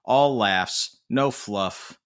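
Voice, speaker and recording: A man's voice: on the low side, smooth. A man co-hosting a podcast, chatting casually and animatedly about films. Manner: animated, swings into quick put-on voices. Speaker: podcast co-host. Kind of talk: casual film discussion.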